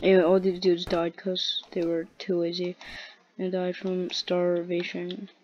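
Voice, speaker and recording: Woman, gameplay commentary, slow and unhurried, low-ish voice, playful muttering, faint keyboard clicks. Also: completely flat delivery, a little mellow, highs cut off, a little hiss or hum. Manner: playful, mutters to herself, chants quacks and doo-doos. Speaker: gameplay video host.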